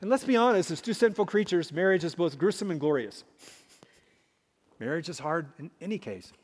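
A man preaching a sermon as a pastor, emphatic, swinging between loud and hushed. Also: fairly high pitch, animated, brisk. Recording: long hall reverb.

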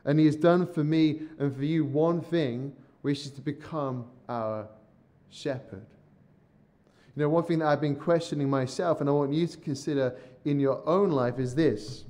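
A male pastor preaching a sermon. He is earnest, repeats words as he starts some sentences, and slows down and drops his voice on key phrases. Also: a little high, warm tone. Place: church or studio, podcast recording.

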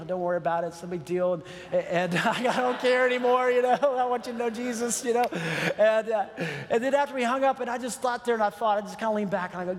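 A middle-aged man pastor telling a personal story in a sermon, earnest and building to emphatic preaching. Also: sits high. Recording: long hall reverb.

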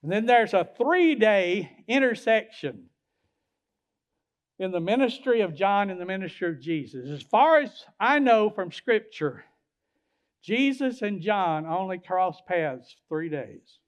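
Pastor, man, high voice, sermon delivery with big loud-to-soft swings. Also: sing-song, measured pace. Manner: preaching, swinging from loud hollering peaks to low quiet drops.

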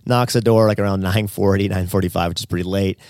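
On a podcast, a male co-host with a low voice talks fast while telling stories animatedly, acting out the quotes of the people in them. It's casual storytelling, recorded with clean studio sound and no echo.

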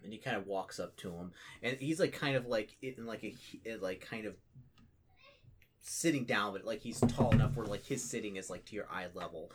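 A man's voice: fairly low pitch, normal speed, slight background noise. A man narrating as game master, rambling with lots of fillers. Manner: rambling, full of fillers and restarts.

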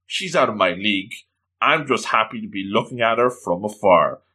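A man's voice: on the low side, lively intonation, normal speed, bright, forceful tone, slightly rough, heavily acted. A man voicing a shy, bookish young man who gets nervous and embarrassed easily. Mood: dreamy.

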